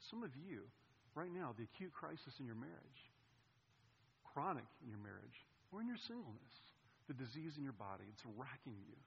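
A male pastor delivers a sermon in a church, telling a personal story with lively swings from loud outbursts to quiet asides. His voice sits a bit high with a husky edge. The sound rings with long hall reverb and comes across dull. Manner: animated, swings between loud and hushed. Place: church sanctuary.

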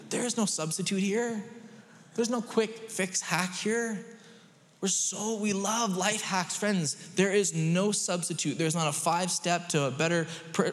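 A man preaching a sermon as a pastor, conversational and animated, rising to emphatic peaks. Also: sits high, measured pace. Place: church sanctuary. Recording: long reverb of a large hall.

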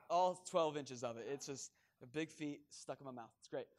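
Male pastor, lively, jokey, fairly high voice. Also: brisk, few pauses. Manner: joking, self-mocking, lively. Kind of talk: sermon.

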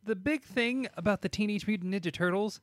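A man co-hosting a casual podcast, chiming in with sarcastic, profane quips and animated rants. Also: high-pitched, a little fast, no echo, studio quality. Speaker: podcast co-host. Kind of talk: casual chat.

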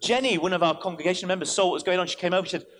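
A man, a vicar, preaching an animated sermon in church, telling stories and switching in and out of quoted voices. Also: high-pitched, rapid-fire, a little hiss or hum.

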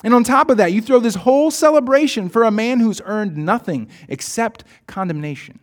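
A man voicing an indignant older son in a poem reading, sharp and resentful, his voice raised and loud. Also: medium pitch, big pitch swings, measured pace, slightly rough, pitched below the performer's own voice. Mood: angry, resentful.

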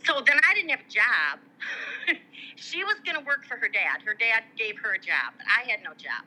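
Bright, lively woman telling stories. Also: on the high side, moderate pace, poor audio. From Michigan. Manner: animated, acts out quoted voices. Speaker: guest. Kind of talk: casual storytelling.

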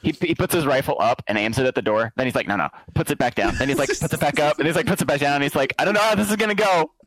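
A man's voice: mid-range voice, rapid-fire, few pauses, poor audio. A man co-hosting a podcast in casual chat, animatedly acting out scenes. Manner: animated storyteller, acts out scenes. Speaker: podcast co-host.

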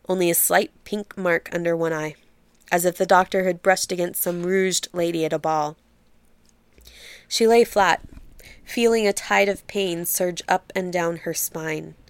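A woman narrating a literary story in a measured, steady reading voice. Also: fairly low pitch, smooth, no echo.

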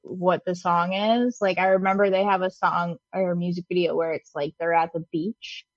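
A woman's voice: lowish voice, level tone, normal speed, no echo. Chatty woman, dull dry sound. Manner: chatty, filler-heavy, laid-back. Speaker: podcast co-host. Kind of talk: casual chat.

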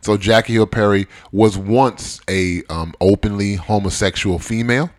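Male podcast host, about forty, deep-ish voice, easygoing and digressive. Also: steady tone, moderate pace. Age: around 40. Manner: conversational and digressive, joking asides. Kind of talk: casual discussion podcast.

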